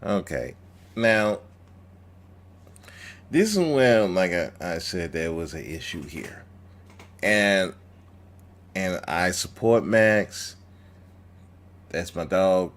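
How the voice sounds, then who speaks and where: A man hosts a podcast in a low, unhurried voice. His pitch leaps and swings as he relishes the story, full of exclamations. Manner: animated storyteller, gleeful exclamations. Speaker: podcast host. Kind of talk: casual commentary.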